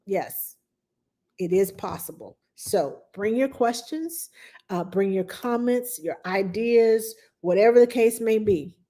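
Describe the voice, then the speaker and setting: A middle-aged woman talks casually to her live-stream viewers. Her voice is mellow and relaxed, and she rambles along, full of fillers and asides. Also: mid-range voice, slow. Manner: chatty, rambling, with frequent fillers and laughs. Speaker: nanny hosting a live Q&A stream.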